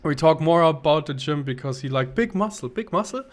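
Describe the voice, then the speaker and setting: A man's voice: fairly high pitch, expressive, fairly quick. Rambling man telling a story. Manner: rambling, many restarts and fillers. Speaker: podcast co-host. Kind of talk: casual chat, storytelling.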